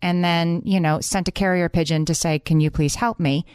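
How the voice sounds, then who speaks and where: A woman's voice: on the low side, fairly even intonation, normal speed, a little mellow, clear, resonant tone, no room sound, studio quality. A woman in her forties co-hosting a casual parenting podcast, telling candid, self-deprecating stories about her kids. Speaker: podcast co-host.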